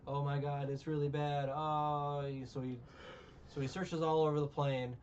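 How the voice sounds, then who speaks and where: A man's voice: fairly high pitch, level tone, normal speed, a little mellow, recorded from a distance, lo-fi sound, slight background noise. A man recapping a film in casual chat, rambling and sarcastic, with many restarts. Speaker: podcast co-host recapping a film.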